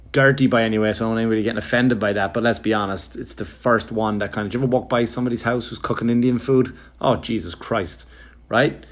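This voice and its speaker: A male comedian telling a rambling, exasperated story on a podcast, swearing freely and acting out what others said. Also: mid-range voice. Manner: profane, exasperated anecdote telling with quoted voices; rambling, with frequent fillers and restarts.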